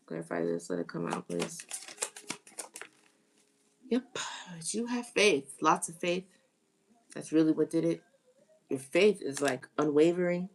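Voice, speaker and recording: Lower-pitched woman giving a tarot reading. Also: vocal fry, a little hiss or hum. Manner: animated, exclaims and repeats phrases for emphasis. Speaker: tarot reader.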